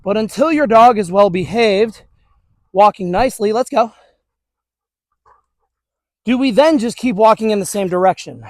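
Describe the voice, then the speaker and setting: A man's voice: sits high, moderate pace, pauses often, darkish tone, dry recording, studio quality. A male dog trainer giving an upbeat, chatty demonstration outdoors on a suburban street, talking to viewers while praising the dogs.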